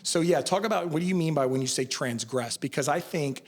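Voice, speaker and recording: Rambling, animated man on a podcast. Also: fairly high pitch, a little fast. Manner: rambling, animated storyteller, acts out quotes. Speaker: podcast co-host, lawyer. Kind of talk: casual podcast conversation.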